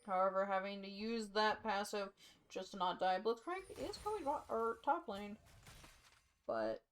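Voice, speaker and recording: A young woman casting a live esports match in a relaxed play-by-play, tired and yawning. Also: medium pitch, normal speed, a little hiss or hum. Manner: sleepy, yawning, casual play-by-play. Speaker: esports caster.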